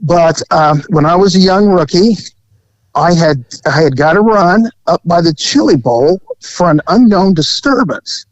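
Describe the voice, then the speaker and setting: A man co-hosting a podcast, telling a profane, animated story from his time as a police officer. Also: sits high, a little slow, no room sound, lo-fi sound. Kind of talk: casual storytelling chat.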